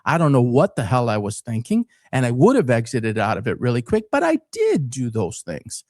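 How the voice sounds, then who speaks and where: A man's voice: medium pitch, huge pitch swings, moderate pace, a little mellow, dry recording. Earnest middle-aged Detroit man, dry sound. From Detroit, Michigan. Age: 50s. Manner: earnest, emphatic, repeats words as he builds his point. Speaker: sports talk show host. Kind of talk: unscripted monologue to camera.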